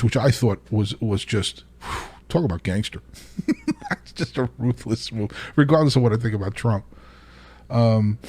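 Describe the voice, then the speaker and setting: Husky-voiced man ranting on his podcast. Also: medium pitch. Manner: animated, exasperated, restarts often, laughs between points. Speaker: podcast host. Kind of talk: solo commentary monologue.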